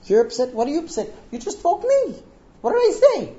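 An exasperated young husband pleads in disbelief, his voice leaping up high, as a man acts him out. The tone is mellow and the recording dull and lo-fi. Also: animated, fairly quick. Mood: incredulous. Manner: incredulous, pleading.

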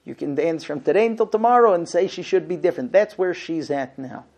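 Man, marriage class teacher, animated, playful role-play asides, earnest lecture tone. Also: fairly high pitch, fairly quick, vocal fry, highs cut off. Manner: lively, acts out husband and wife exchanges with humor; shifts between quiet earnest points and loud playful asides.

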